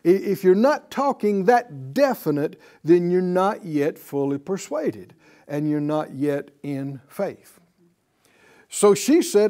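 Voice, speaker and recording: A male Bible teacher speaks in a high, lively voice that swings widely in pitch. He takes his time, repeating key words for emphasis and asking the class rhetorical questions. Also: takes it slowly.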